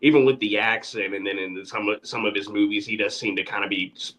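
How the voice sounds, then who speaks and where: Man, low pitch, bright forceful tone, hesitant, casual podcast host. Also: steady tone, fast, poor audio. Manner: hesitant, repeats his words. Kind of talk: casual chat.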